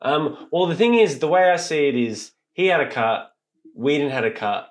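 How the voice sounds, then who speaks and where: A man's voice: fairly high pitch, lively intonation, moderate pace. Tipsy man rambling. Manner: rambling, swearing opinions. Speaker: podcast co-host. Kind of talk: casual chat.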